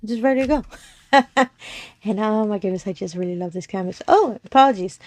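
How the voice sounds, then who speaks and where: A woman's voice: mid-range voice, fairly quick, no room sound. A woman, casually narrating a crafting unboxing, gushing, giggling and often apologizing. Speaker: crafting channel host. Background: crinkling plastic packaging.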